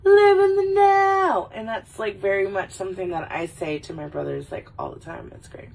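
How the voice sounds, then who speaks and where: Rambling about movies on a casual livestream, this woman laughs and swears as she goes. Her fairly low voice is husky and brisk with vocal fry, and she sits a little far from the mic.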